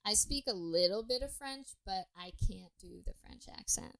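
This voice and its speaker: A woman's voice: medium pitch, lively intonation, normal speed, gravelly, a crowd in the background, poor audio. A young adult woman co-hosting a casual podcast, telling a history story with plenty of swearing and tangents. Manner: swears freely, chatty and tangent-prone.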